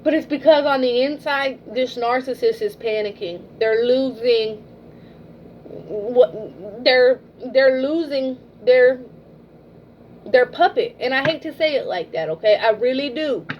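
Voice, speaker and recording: A woman's voice: sits high, unhurried, dull audio, slight background noise. A woman giving a casual tarot reading, blunt and swearing freely, often ending a point with "okay?". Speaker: tarot reader.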